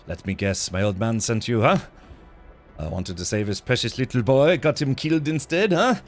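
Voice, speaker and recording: A man voicing a bitter, scheming young traitor son in a put-on French accent, speaking in a slow, sneering way. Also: mid-range voice, lightly acted. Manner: sneering, resentful, slowed. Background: game music.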